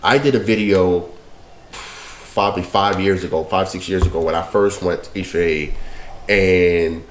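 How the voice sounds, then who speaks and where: A man's voice: low-pitched, fairly even intonation, normal speed. A man hosting a podcast in casual chat, laid-back and giving frequent short agreements while others talk. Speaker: podcast host. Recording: roomy echo with faint hiss.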